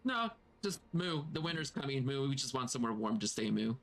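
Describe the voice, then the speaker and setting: A man's voice: mid-range voice, big pitch swings, brisk, creaky. A man voicing a polite stranger turned into a calf, who keeps saying moo. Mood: calm. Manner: mild, polite, every sentence dotted with moos.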